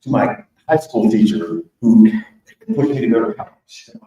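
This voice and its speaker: An author speaks to an audience in a large event hall, telling a candid personal story in a conversational way and joking as he goes. His voice is lowish and warm, with big swings in pitch and a moderate pace. The recording is muffled and echoey, and he sounds far from the microphone.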